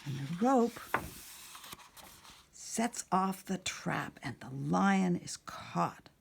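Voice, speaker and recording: A woman narrating a picture book at storytime, speaking softly and often slipping into a whisper, asking the listener questions. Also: fairly low pitch, expressive, extremely slow, vocal fry, background noise. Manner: soft, often sliding into a whisper.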